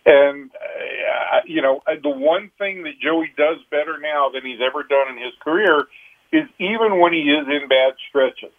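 A man's voice: a little high, a little slow. A man, a baseball reporter, analyzing a player in a radio phone interview, often restarting his sentences. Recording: tinny phone line.

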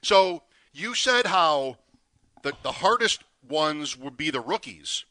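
A co-host on a sports talk radio show chats casually about a bet, building suspense as he teases out the payout. His voice is fairly high and sing-song, slow, pushed and bright, with no echo.

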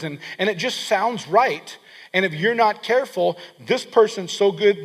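A man's voice: high-pitched, in a large hall. A pastor preaching a sermon to his congregation, emphatic and leaning in, often repeating words for stress.

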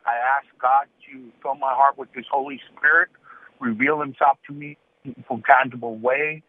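A man's voice: fairly high pitch, dry recording. A man calling in to a radio show by phone, telling his routine in a plain, matter-of-fact way. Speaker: caller. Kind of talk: call-in phone chat. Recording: tinny phone line.

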